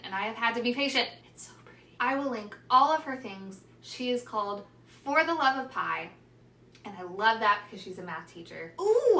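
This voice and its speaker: A woman teacher chatting casually and gushing excitedly while unboxing on her vlog. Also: mid-range voice. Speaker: teacher and vlogger. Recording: echoey room with faint ambient noise.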